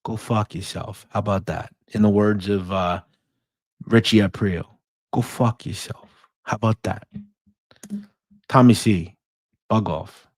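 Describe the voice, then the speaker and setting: A man's voice: lowish voice, fairly even intonation, measured pace, long pauses, darkish tone, no room sound, studio quality. A man from the United States hosting a casual livestream podcast, blunt and profane, mocking and reading out viewer donations. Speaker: podcast host.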